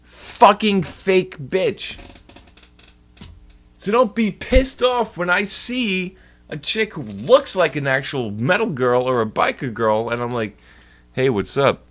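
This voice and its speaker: A man's voice: a little high, lively intonation, a little slow, fairly bright tone. A man livestreaming and ranting in a heated, profane way to his chat. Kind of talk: casual livestream rant.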